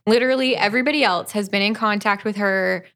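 A young adult woman co-hosting a podcast, recapping a book plot in dry, unhurried casual chat. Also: mid-range voice, a bit bright. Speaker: podcast co-host.

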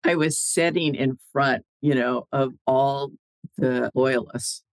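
A woman's voice: extremely low pitch, takes it slowly, no echo. A woman guest in a casual chat, telling stories with lots of laughter and acting out what people said. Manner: animated storyteller, laughs often, acts out quoted dialogue.

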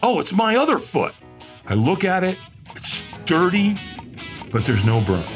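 A man's voice: high voice, a little slow, over music. A male podcast guest telling a personal story vividly, acting out the lines of the people in it. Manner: vivid, animated storyteller who acts out what others said.

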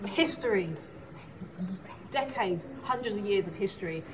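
A woman of Jamaican background speaking up from the audience, making a measured, articulate argument. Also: mid-range voice, animated, recorded from a distance, background noise. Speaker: audience member. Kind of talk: audience comment in debate.

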